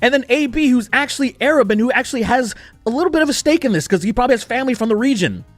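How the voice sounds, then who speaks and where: A man's voice: extremely high pitch, animated, racing, no echo, faint music behind. A young man ranting in a heated, profane commentary, talking emphatically and swearing often. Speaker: commentary YouTuber.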